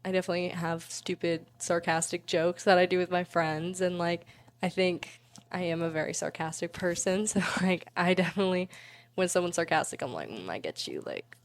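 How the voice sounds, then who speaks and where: A young woman in her twenties chats casually as an interview guest. She is bubbly and giggly and fills her talk with "like." Her voice sits a little low for a woman. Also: level tone, brisk. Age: 20s.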